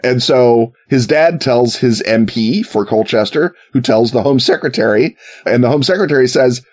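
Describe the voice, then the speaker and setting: A man telling a history story in a casual, wry way, with joking asides and quick put-on voices for quoted people. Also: medium pitch, darkish tone.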